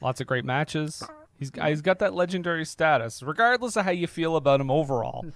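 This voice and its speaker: A man's voice: fairly high pitch, animated, fairly quick, no echo. A man hosting a podcast, chatting casually and playfully, sometimes slipping into a mock-announcer voice. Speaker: podcast host. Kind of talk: casual chat.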